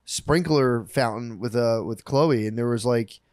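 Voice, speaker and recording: A man's voice: medium pitch, a little slow, a little mellow, no room sound, clean studio sound. A man co-hosting a podcast, telling crude stories in casual chat and mocking people in put-on voices. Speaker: podcast co-host.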